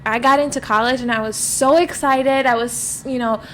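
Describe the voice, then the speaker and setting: This young woman co-hosts a podcast and reflects on her friendships in an easygoing, thoughtful way. Her voice is a little higher than most women's. Faint noise hums underneath. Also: fairly even intonation, normal speed. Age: young adult. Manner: reflective, heavy on "you know" fillers. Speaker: podcast co-host. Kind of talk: casual chat.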